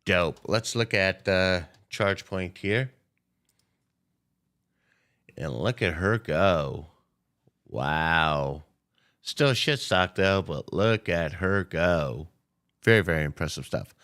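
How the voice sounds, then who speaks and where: A man's voice: sits low, expressive, slow, pauses often, fairly bright tone. A man hosting a live day-trading stream, chatting casually with viewers in a loose, playful way and swearing freely. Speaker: day-trading livestream host. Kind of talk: casual live market commentary.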